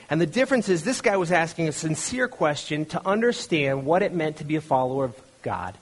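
A middle-aged male pastor with a somewhat high, husky voice. He preaches in a relaxed, conversational way and tells the story as he goes. He stumbles and restarts often and slips into other voices for the people he quotes. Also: moderate pace. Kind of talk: conversational sermon.

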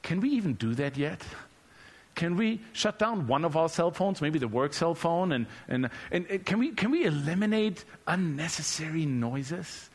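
A male preacher delivering a relaxed, humorous sermon who often repeats words as he speaks off the cuff. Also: fairly high pitch, normal speed, slightly rough. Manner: conversational and humorous, repeats words while searching.

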